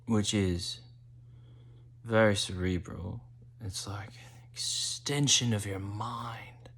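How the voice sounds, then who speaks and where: Slow, gravelly stoned man. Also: fairly low pitch. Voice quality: gravelly, whispery asides. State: high. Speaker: host. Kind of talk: casual stoned monologue.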